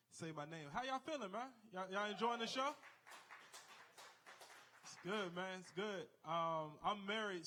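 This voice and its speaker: A man's voice: high voice, sharp tone, slight background noise, poor audio. A man in his thirties doing a live stand-up set on a club stage, chatty and rambling, checking in with the crowd. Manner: conversational, rambling asides, crowd questions. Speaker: stand-up comic.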